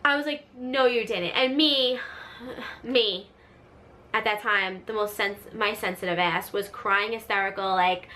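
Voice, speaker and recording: A woman hosting her own storytime vlog, chatty and animated, full of filler words. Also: medium pitch, a little slow. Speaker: vlogger, channel host. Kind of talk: casual storytime monologue.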